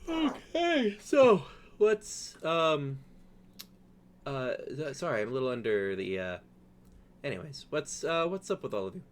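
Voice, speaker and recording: A weary young woman, worn out and just out of bed, answers with a higher, hesitant voice that keeps trailing off, as a man puts her on at the game table. She fumbles her words but stays polite. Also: very animated, a little slow. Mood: flustered. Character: tired young woman doing charity work.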